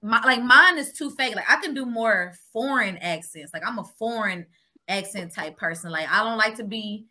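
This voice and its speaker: A woman actress telling stories in a lively, animated way during a casual podcast chat. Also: medium pitch, normal speed, poor audio. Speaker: guest actress.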